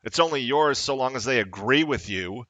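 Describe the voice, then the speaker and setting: Angry man ranting, bright and dry. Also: mid-range voice, animated, normal speed, dry recording, muffled recording. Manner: angry, profane, rising to shouts. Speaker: vlogger. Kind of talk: confrontational political rant.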